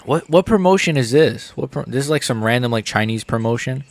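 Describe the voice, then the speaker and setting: A man's voice: mid-range voice, lively intonation, fairly quick, gravelly, no echo. A young American man hosting a live stream, reacting to fights in a rambling, casual, jokey way.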